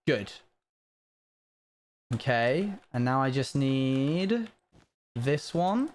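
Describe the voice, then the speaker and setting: A man streaming a building game live, chatting casually to his viewers and breaking into panicked high-pitched bursts when something goes wrong. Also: sing-song, extremely slow, slight background noise.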